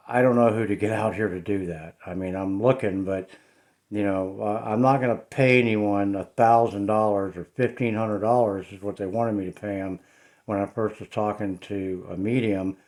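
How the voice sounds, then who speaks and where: Uneasy man with a lowish voice. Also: a little mellow. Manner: hesitant, many fillers, uneasy. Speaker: paranormal vlogger. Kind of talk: casual vlog commentary. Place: his home, indoors.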